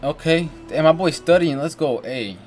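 This young guy from the United States speaks a little high and a little mellow, at normal speed, while reacting to a video. His commentary is slangy and exclamatory, peppered with "bro" and "you know what I'm saying." You can faintly hear music from the clip he's watching.

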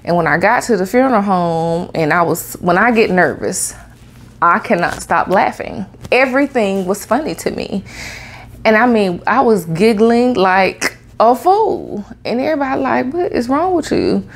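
A woman vlogger telling a personal story to camera in a casual, animated way, laughing often. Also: mid-range voice, normal speed. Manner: animated, laughs a lot, Southern US slang.

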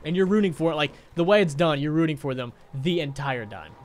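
A young man with a slightly high voice talks quickly on a gaming livestream, with a little hiss or hum in the audio. In casual chat, he rambles and swears while retelling a sad film and reading out chat donations.

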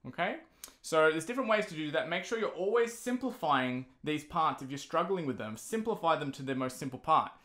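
A man's voice: a little high, animated, brisk, a bit bright, soft background music. A man teaching a violin lesson, patiently explaining each step between passages he plays. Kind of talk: instrumental lesson. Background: violin playing.

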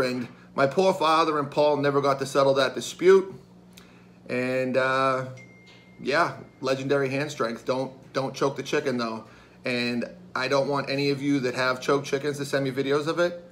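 Animated man telling a crude story. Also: medium pitch, moderate pace, slight background noise. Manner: animated, crude, laughing as he tells it. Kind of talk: casual storytelling.

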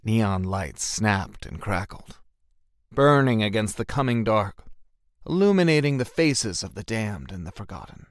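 Man, audiobook narration, dramatic, very expressive pitch, dry booth. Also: measured pace, no room sound. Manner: animated, dramatic storytelling.

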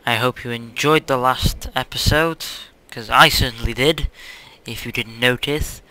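A man's voice: medium pitch, unhurried, bright, forceful tone. A young man hosting his own gaming channel, chatting casually over gameplay in a hyperactive, silly, rambling way.

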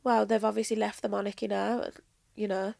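A woman's voice: mid-range voice, flat delivery, fairly quick, gravelly, darkish tone, no echo, studio quality. A woman making her case in a podcast debate, pressing her point and restarting her sentences. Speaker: podcast host.

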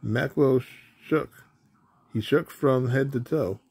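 A man reading a children's picture book aloud in a simple, deliberate way, with small stumbles over words. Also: mid-range voice, gravelly, a little mellow, breathy edge. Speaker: storybook reader. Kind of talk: children's story read aloud.

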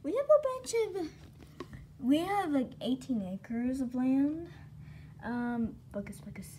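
Chatty, excitable woman. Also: high-pitched, takes it slowly, a little hiss or hum. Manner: chatty and excitable, talking to her dogs, giggling often. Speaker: vlogger giving a home tour. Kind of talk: casual home-tour vlog. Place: rural home, filming out the windows.

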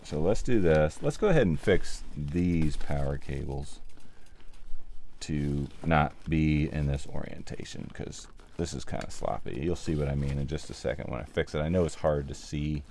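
A man's voice: a bass voice, moderate pace, gravelly, darkish tone, a little hiss or hum. A man hosting a casual livestream, chatting and thinking aloud with many ums as he assembles gear and answers viewers. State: a little out of breath. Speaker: livestream host, sound mixer. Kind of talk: casual livestream chat while building gear.

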